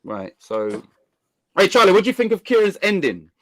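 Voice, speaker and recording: Lively, teasing host. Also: male voice, sits high, normal speed, dry recording. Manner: teasing, bossy banter with frequent fillers. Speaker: channel host. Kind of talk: casual livestream chat.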